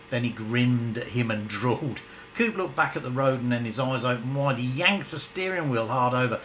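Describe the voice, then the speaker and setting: Here a man casually reads a story but keeps wandering into chatty asides, laughing as he goes. His mid-range voice has a fairly bright tone, and the poor-quality recording carries faint background noise.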